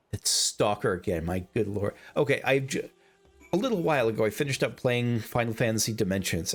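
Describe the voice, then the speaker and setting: Male let's player, hoarse today, rambling and self-interrupting, low-pitched. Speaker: game streamer. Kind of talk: let's play commentary.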